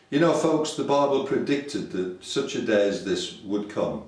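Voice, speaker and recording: Low-voiced older Yorkshire man preaching. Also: animated, unhurried, hardly any pauses. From Yorkshire, England. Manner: rambling, conversational, hesitant. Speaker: website preacher. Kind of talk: casual sermon to camera. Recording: echoey room from far off.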